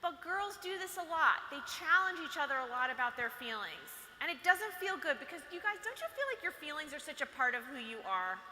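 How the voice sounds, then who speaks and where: Speaking briskly and barely pausing, this workshop speaker for girls delivers a playful, chatty motivational talk to a live audience of them. Her high voice has a sing-song lilt and a sharp tone, with slight background noise. The recording captures a large, echoey hall with long reverb.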